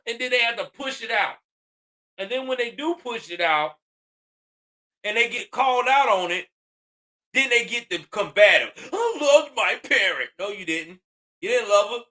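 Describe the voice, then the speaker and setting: High-pitched angry man, bright voice, forties, ranting news commentary. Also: animated, normal speed, pauses often. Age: 40s. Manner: angry, profane, emphatic, ranting. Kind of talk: heated commentary on a news story.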